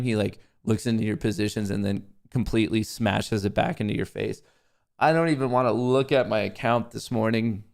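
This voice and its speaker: A young man hosting a live stock market stream, joking and energetic. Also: lowish voice, moderate pace, vocal fry, smooth. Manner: joking, energetic, swings into put-on voices. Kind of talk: casual live-stream chat.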